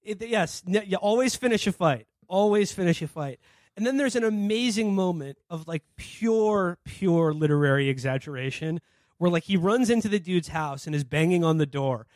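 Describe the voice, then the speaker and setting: A man's voice: high voice, lively intonation, moderate pace, a little mellow, no echo, clean studio sound. A man co-hosting a casual comedy podcast, swearing freely, laughing, and acting out scenes as he retells them. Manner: profane, laughing, acts out quoted characters. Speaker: podcast co-host.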